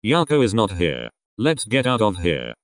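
A cold young assassin who cuts people off with short, dismissive lines, voiced by a man reading a fan story aloud. He sits low in pitch, and he's recorded dry and close with no room around him. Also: wildly swooping pitch, moderate pace, no room sound. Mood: cool. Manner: curt and dismissive.

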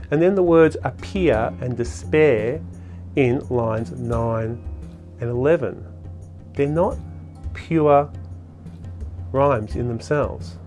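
A man giving a measured, explanatory poetry lecture in scripted narration, stressing key words as he goes. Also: medium pitch, darkish tone.

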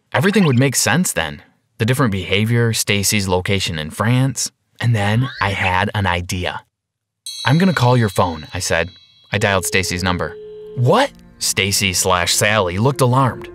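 A man narrating a first-person animated story in an expressive style, slowing down for dramatic reveals. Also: fairly low pitch.

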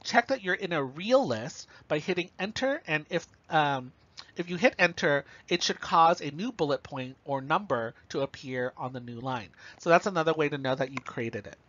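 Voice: medium pitch, lively intonation, normal speed, a bit bright. A university lecturer giving a recorded instructional lecture in a casual, explanatory way, often checking in with listeners. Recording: dull, slightly lo-fi dry recording.

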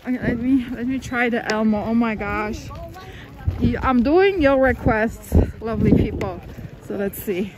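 A woman's voice: fairly high pitch, unhurried. A woman chatting casually on a live stream as she walks a busy city street, giggling often, on a handheld phone. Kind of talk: casual walking livestream. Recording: loud street noise outdoors.

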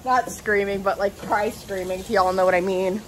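A woman with a steady, medium-pitched voice at a moderate pace vlogs from home, with a little hiss or hum in the audio. Her casual rant is rambling and emotional, she's out of breath, and she says "like" a lot.

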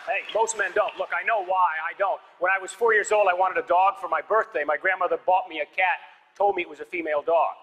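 A man's voice: high voice, fairly even intonation, quick pace, a crowd in the background. A man doing a stand-up comedy set on a theater stage, telling stories with dry, punchy one-liners. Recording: live hall reverb with audience noise.

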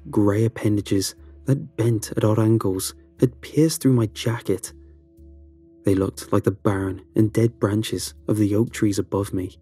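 A man reading a first-person horror story aloud, with a slow, dramatic storytelling delivery. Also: on the low side, mellow, breathy edge, dry recording. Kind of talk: scripted horror narration.

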